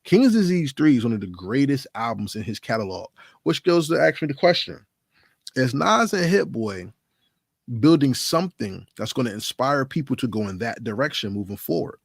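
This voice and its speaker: A man's voice: mid-range voice, big pitch swings, moderate pace, gravelly, no room sound, studio quality. A man hosting a hip-hop commentary channel, talking casually and emphatically to his viewers, with plenty of rhetorical questions. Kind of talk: casual solo commentary to camera.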